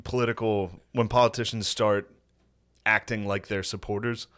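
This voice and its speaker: A man's voice: on the low side, level tone, normal speed, a bit bright. A man co-hosting a podcast in casual chat, throwing in dry, sarcastic quips. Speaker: podcast co-host.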